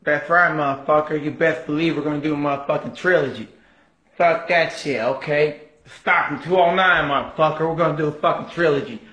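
A man's voice: a little fast, bright, forceful tone, reverberant, lo-fi sound. A man impersonating a laid-back, foul-mouthed male fighter who swears in every line. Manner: low, lazy, swearing constantly.

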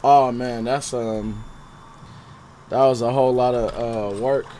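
A man streaming a game live, chatting casually with viewers in slang and swinging from low muttering to loud outbursts. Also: fairly even intonation, slow pace, a little hiss or hum. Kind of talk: live gameplay commentary.

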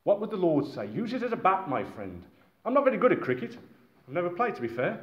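A man preaching a sermon to a gathered congregation, animated and exclaiming, calling his listeners friends. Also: sits high, fast. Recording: echoey, muffled room recording with faint noise.

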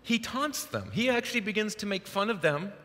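A male pastor preaching a sermon in a casual, conversational, animated way, recorded in a church sanctuary with a long reverb. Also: sits high, fairly quick.

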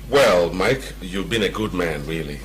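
A man's voice: low voice, animated, a little slow, slight background noise. An actor playing an airline captain who earnestly counsels his friend. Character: frank, brotherly airline captain. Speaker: flight captain. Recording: echoey room from far off, music behind.

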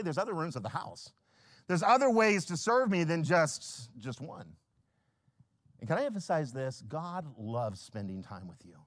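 Male pastor, high voice that leaps around, animated sermon delivery. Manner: animated, swings from hushed to loud; acts out little scenes in quoted voices.

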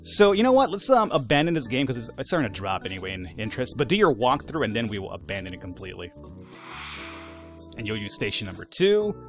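A man giving casual, animated let's-play commentary, swearing, laughing and talking back to the game's characters. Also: medium pitch, fast, soft background music. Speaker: gaming YouTuber.

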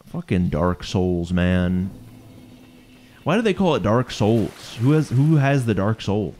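Give me a joking young man with a lower voice and very lively pitch. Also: takes it slowly, slight background noise. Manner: joking, teasing, goofy. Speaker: co-host watching the game. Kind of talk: casual gaming chat.

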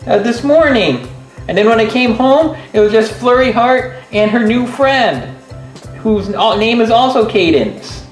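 A woman voicing a flustered male pony prince, stammering and excitable in a toy skit. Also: fairly high pitch, a little slow. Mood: unsure. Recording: roomy echo, faint music.

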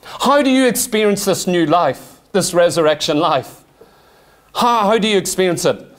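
A man's voice: high-pitched, lively intonation, moderate pace. A middle-aged man preaching a sermon, fervent, full of rhetorical questions and arguing aloud with himself.

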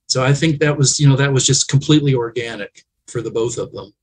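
A man's voice: medium pitch, quick pace, slightly rough, poor audio. A man, a guest on an interview show, telling reflective and emotional family stories in a conversational way.

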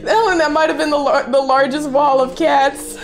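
A woman's voice: high-pitched, steady tone, normal speed, soft background music. A young woman in her twenties, an effusive streamer chatting casually and reading viewer messages aloud, often laughing. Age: 20s.

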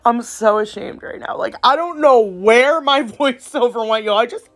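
A woman's voice: on the high side, normal speed. A woman nail tech, chatting playfully through a casual voiceover tutorial in slangy talk.

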